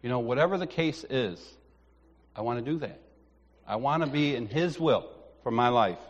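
Animated man preaching in a reverberant church. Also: mid-range voice, moderate pace, lo-fi sound. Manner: animated storyteller, acts out dialogue, laughs at himself. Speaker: lay preacher. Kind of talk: sermon with personal storytelling. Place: church sanctuary. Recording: long hall reverb.

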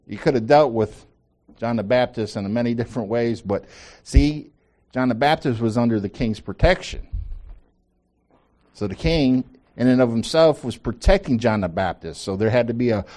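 A man's voice: medium pitch, moderate pace, dark tone. A man leading an informal Bible study for a small group, talking conversationally, repeating phrases for emphasis and asking the group questions.

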